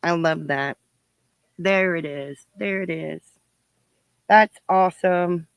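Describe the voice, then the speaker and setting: On her crafting channel, a woman opens viewers' parcels and chats with them casually, thinking aloud as she unwraps and frequently gushing and giggling. Her voice sits on the low side, slow and clear with a resonant tone. The recording has no echo but sounds muffled.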